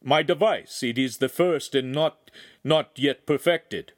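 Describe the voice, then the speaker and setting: A man's voice: medium pitch, slow pace, dry recording, pitched above the performer's own voice, close to an everyday voice. A humble middle-aged craftsman pleads politely with a nobleman, as a man reading the story puts him on. He sounds deferential and anxious. The recording is dry and close. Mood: deferential pleading. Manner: pleading, respectful.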